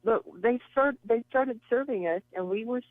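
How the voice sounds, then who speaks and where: A woman's voice: on the high side, moderate pace, dry recording. A woman guest on a radio show telling long, chatty stories and acting out the voices of people she quotes. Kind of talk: casual storytelling. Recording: tinny phone line.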